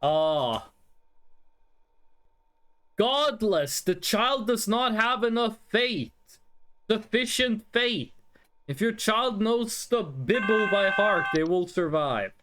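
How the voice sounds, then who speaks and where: A streamer giving live game commentary, thinking aloud and swearing in an animated way. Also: mid-range voice, takes it slowly, long pauses.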